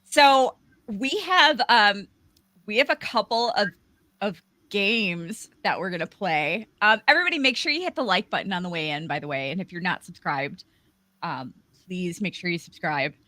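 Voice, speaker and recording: Host: woman, bright, lively voice, dry sound, rambling casual chat. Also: mid-range voice, normal speed, no echo. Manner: chatty, rambling, with many fillers. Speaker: livestream host. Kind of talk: casual live aftershow chat.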